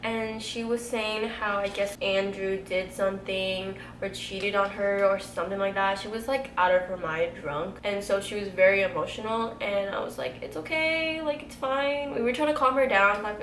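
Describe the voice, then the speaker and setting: A woman in her twenties chatting casually to camera, telling a storytime tale, animated and full of "like.". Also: medium pitch, moderate pace, recorded from a distance. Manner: chatty, animated, heavy use of "like". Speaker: beauty vlogger telling a story. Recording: echoey room, faint background hiss.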